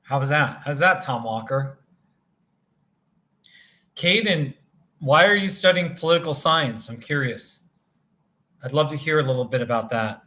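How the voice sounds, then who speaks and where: A man's voice: mid-range voice, lively intonation, a little slow, pauses often, bright, forceful tone. A tired man hosting a casual livestream from a motel room, rambling as he chats with viewers by name. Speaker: livestream host reading viewer chat.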